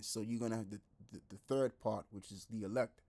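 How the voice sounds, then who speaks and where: A man preaching online, blunt and repetitive, who drops into a lower, quieter voice when he reads scripture aloud. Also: steady tone, a little fast, hardly any pauses. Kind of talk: street-style preaching commentary.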